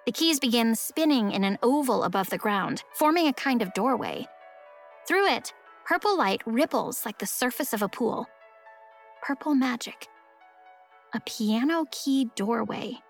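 A woman narrating a first-person story in a wry, expressive way. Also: on the high side, measured pace, soft background music. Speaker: audiobook narrator.

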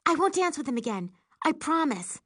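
A woman voicing a bubbly, excitable young woman friend at a party, gushing and squealing. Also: high voice, normal speed, dry recording, clean studio sound, voice pushed up. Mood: flustered.

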